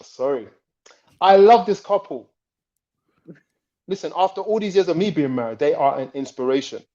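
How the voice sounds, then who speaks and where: A man's voice: on the high side, expressive, normal speed, mellow. A middle-aged man speaking with enthusiasm on a podcast panel, often repeating his points. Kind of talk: casual panel chat. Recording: dull lo-fi podcast audio.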